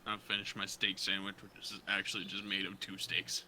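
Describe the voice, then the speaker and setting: Bright-voiced laughing male player. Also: deep voice, monotone, brisk, a little hiss or hum. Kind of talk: casual tabletop game chat.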